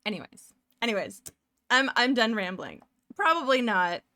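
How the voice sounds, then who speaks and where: A woman's voice: on the high side, big pitch swings, moderate pace, bright, forceful tone, no echo, studio quality. A woman from Toronto, hosting a casual livestream and rambling with jokes and frequent laughs as she works on pixel art. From Toronto, Canada. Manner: rambling, jokey, laughs often. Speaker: livestream host. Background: faint music.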